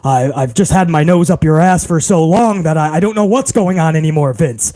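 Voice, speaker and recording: A man doing an impression of a dim, fawning middle-aged son-in-law with a deliberately deeper, stammering voice. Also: mellow, natural voice.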